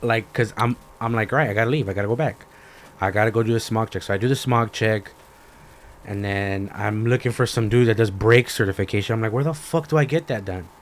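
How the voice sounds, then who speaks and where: A young man hosting a podcast, telling a story in a profane, animated rant and acting out both sides of the conversations. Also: lowish voice, a little fast, a little hiss or hum. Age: young adult. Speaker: podcast host. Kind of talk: ranting casual storytelling.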